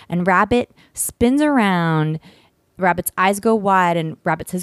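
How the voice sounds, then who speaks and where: Woman, lower voice, swears, casual podcast storytelling, dry close sound. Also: normal speed, clear, resonant tone, no echo. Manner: candid, swears freely, animated.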